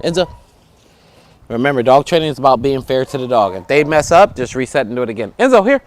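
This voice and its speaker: A man with a medium-pitched voice talks fast while teaching dog training outdoors for an instructional video. He explains each step, gives the dog short commands, and repeatedly checks in with "right?" and "okay?".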